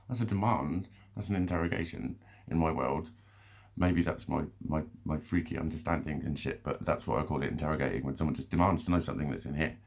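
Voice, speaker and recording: A man's voice: rumbling low, creaky, a little mellow, slightly rough. A man talking to camera in a rambling, casual monologue, swearing often, stopping and restarting, with short laughs between phrases. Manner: rambling, swears a lot, self-interrupting. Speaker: vlogger.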